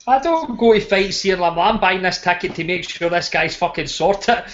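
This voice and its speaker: A man, ranting loudly and swearing in casual podcast chat. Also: sits high, lively intonation, normal speed, slight background noise. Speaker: podcast co-host. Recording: dull lo-fi podcast audio.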